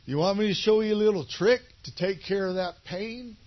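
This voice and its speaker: A man acting out a brash, tough male military officer in a gruff, mocking way. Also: sits high, moderate pace, muffled recording, pitched above the performer's own voice, lightly acted.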